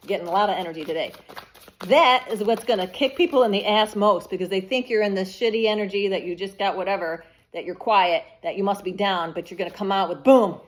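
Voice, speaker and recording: Woman tarot reader, blunt, emphatic, casual swearing. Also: mid-range voice. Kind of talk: collective tarot reading.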